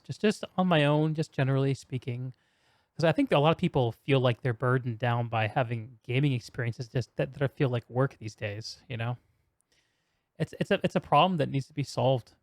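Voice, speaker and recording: Relaxed male podcast host. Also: mid-range voice, fairly quick, no echo, studio quality. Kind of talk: casual chat.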